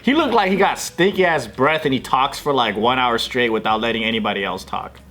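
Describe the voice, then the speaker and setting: A man joking through animated stories in a casual group chat. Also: medium pitch, a little fast. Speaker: panel commentator.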